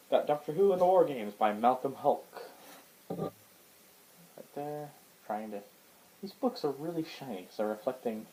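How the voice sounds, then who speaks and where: A man's voice: mid-range voice, darkish tone, a little hiss or hum, low-quality recording. A man casually showing his book collection to the camera in a rambling, hesitant way, with lots of fillers and restarts. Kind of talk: casual show-and-tell vlog. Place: indoors at home.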